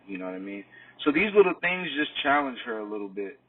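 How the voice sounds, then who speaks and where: Male dating coach, casual rambling delivery, low husky tone, thin distant phone-quality audio. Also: very animated, quick pace. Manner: loose and rambling, heavy "you know what I mean" fillers; acts out both sides of sample dialogues. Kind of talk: casual explanatory talk.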